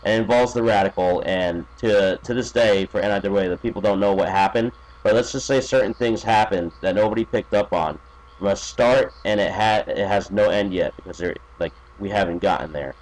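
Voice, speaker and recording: Rambling low-voiced man. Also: brisk, darkish tone, low-quality recording. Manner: rambling, filler-heavy, profane. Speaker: podcast guest. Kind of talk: casual podcast chat.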